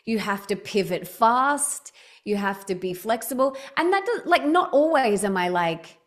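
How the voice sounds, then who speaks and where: A woman's voice: a little high, expressive. A woman in her thirties, a podcast guest telling stories in casual chat, with many restarts and fillers. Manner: chatty storytelling, quick restarts, lots of "like".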